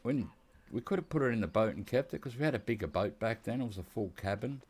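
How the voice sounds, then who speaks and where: While playing a hunting game, this Australian YouTuber spins rambling, laugh-filled anecdotes complete with quoted dialogue. His lowish voice has a darkish tone, and he talks expressively at a quick pace.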